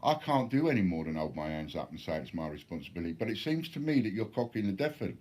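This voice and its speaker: Man, live stream host, blunt, swearing, mellow dark voice. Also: deep voice, very animated, quick pace. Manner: blunt, swears freely, reads out viewer comments. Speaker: live streamer answering chat. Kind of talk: live stream chat replies.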